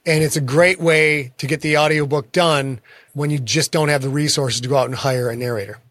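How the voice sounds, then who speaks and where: A man's voice: on the high side, fairly even intonation, a little fast, fairly bright tone, no echo, clean studio sound. A man, a guest author in a casual interview, telling frank and self-deprecating stories about his work.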